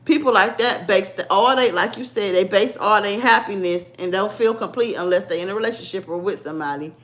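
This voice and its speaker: A woman's voice: medium pitch, brisk, a bit bright. A young woman, talking bluntly and sassily to her livestream viewers in a casual chat. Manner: blunt, sassy, talks straight to viewers. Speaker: livestream vlogger.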